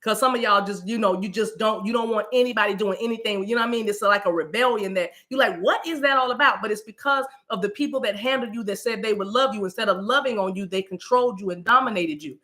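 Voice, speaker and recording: A woman's voice: mid-range voice, quick pace, few pauses. A middle-aged woman giving a live-streamed spiritual reading, rambling and colloquial, often saying y'all and "you know what I mean". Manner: animated, breaks into voices and asides. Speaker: psychic reader.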